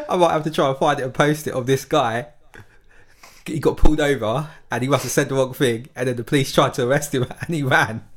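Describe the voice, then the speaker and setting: A man's voice: medium pitch, lively intonation, moderate pace. Laid-back man chatting and agreeing. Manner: laughs along, affirms often. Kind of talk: casual chat.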